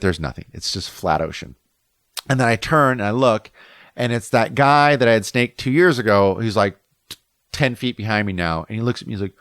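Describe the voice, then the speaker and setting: Man, podcast host, quick rambling storytelling, swears a lot, dry close sound. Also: medium pitch, a bit bright, no room sound. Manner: rambling, profane, filler-heavy, self-mocking. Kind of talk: casual storytelling.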